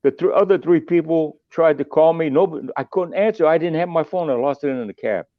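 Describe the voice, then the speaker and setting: Older man telling animated stories. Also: on the high side, brisk, no echo, highs cut off. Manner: animated and emotional, voice jumps up in excitement. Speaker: guest musician. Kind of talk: storytelling in a podcast interview.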